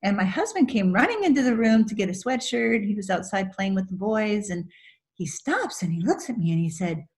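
A woman's voice: medium pitch, lively intonation, brisk. A middle-aged woman author telling stories earnestly in a faith-based interview. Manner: earnest storyteller, laughs through her story. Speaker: author guest.

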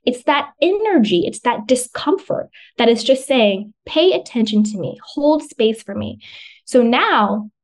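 A woman's voice: on the high side, lively intonation, a little slow. A woman guest on a podcast, talking earnestly about self-love and often repeating phrases for emphasis. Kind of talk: conversational self-help advice.

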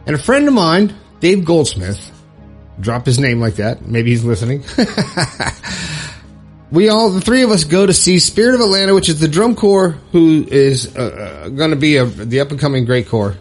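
A middle-aged man from Florida hosting a podcast, telling a personal story in a heartfelt, halting way with pauses and restarts. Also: fairly high pitch, big pitch swings, faint music behind. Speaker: podcast host.

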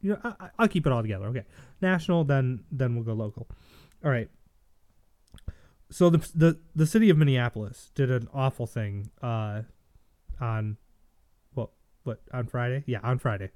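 A man's voice: medium pitch, normal speed, long pauses, a little mellow, dry recording, studio quality. A man hosting a solo livestream, reading news aloud and giving opinionated commentary with frequent restarts and self-corrections. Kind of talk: casual solo political commentary.

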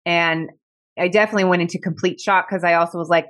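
A woman speaks as a guest in a conversation, recounting her own experience openly. Her voice sits a bit low for a woman. She talks in a candid, reflective way, leaning on "like" as she gathers her thoughts, with emotion close to the surface. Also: steady tone, fairly quick. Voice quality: emotional, close to tears at times. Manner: candid and reflective, heavy use of "like". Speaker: podcast guest. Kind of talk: personal storytelling in conversation.

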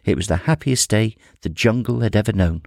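A man reads a comic children's story aloud with playful, expressive delivery. His voice sits on the low side. The recording is close and dry, with no room sound. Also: a little fast, vocal fry, dry recording. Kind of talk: humorous storybook reading.

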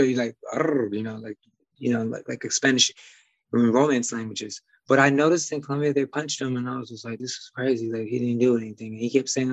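A man's voice: medium pitch, vocal fry, dry recording, poor audio. A man from Detroit with a slight Midwest twang, a guest talking casually and rambling with many fillers and restarts. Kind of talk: casual conversation.

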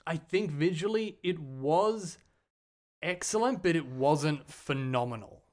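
A man's voice: on the high side, animated, slow pace, a little mellow. An Australian man co-hosting a casual film review chat, enthusiastic and thinking aloud. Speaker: podcast co-host.

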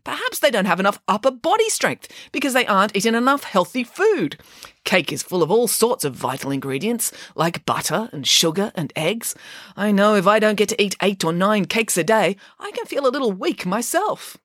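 A woman voicing a blunt, indignant female pig squire who loves cake, in a high exclaiming voice. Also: sing-song, normal speed, a bit bright, dry recording, clean studio sound. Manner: high, exclaiming, matter-of-fact.

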